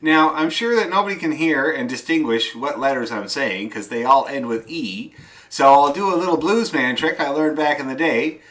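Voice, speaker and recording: A middle-aged man teaching fiddle to an online class, explaining in a relaxed, folksy way and calling out notes loudly while he plays. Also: fairly high pitch, normal speed. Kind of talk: online group music lesson. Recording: loud fiddle music behind the voice. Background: fiddle playing.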